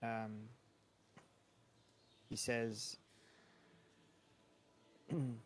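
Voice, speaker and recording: Gravelly-voiced male game master. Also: on the low side, animated, measured pace, pauses often. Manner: filler-heavy, meandering narration. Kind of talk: narrating a tabletop game.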